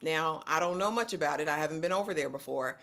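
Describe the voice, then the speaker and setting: Bright quick-talking woman podcast host. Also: low voice. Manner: quick, joking, slangy. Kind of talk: casual chat.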